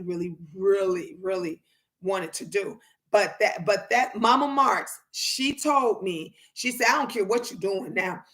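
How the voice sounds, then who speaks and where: A middle-aged woman hosting a tarot live stream, chatting casually and answering viewers' comments in a lively way. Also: mid-range voice.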